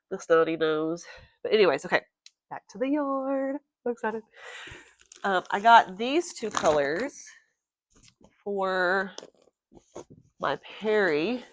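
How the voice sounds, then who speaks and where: A woman's voice: on the low side, no room sound. A woman vlogging about crochet in a casual, rambling, chatty way. Her voice is congested and nasal. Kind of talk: casual show-and-tell chat.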